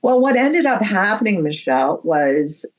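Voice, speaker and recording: A woman's voice: medium pitch, normal speed, muffled recording. A woman, a medium who is a guest on a podcast, telling a story in a casual interview and acting out the voices of the people in it. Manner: animated storyteller, acts out quoted voices.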